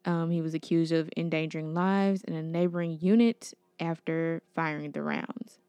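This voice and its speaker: A woman's voice: low voice, fairly even intonation, moderate pace, dark tone, clear, resonant tone, no room sound. A young woman hosting her own podcast, talking earnestly and outspokenly, sometimes stumbling over names. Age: young adult. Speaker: podcast host. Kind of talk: casual solo podcast commentary.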